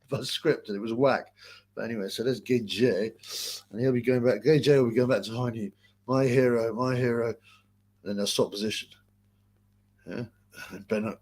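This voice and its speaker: A man's voice: medium pitch, husky. A man hosting a casual live boxing chat, rambling and crude, with many filler sounds. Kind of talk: casual post-fight live-stream chat.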